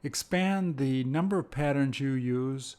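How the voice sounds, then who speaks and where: A man teaching an English lesson, speaking slowly and carefully and repeating example phrases. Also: medium pitch, darkish tone, clean tone. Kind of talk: slow, deliberate language lesson.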